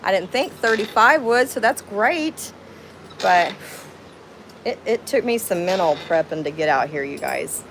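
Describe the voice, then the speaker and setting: A woman's voice: medium pitch, animated, a little slow, noisy background. A middle-aged woman with a Southern drawl chatting on her first livestream from home, nervous and thanking viewers by name as she reads their comments. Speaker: livestream host. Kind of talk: casual livestream chat reading comments. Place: home, near a window with birds outside.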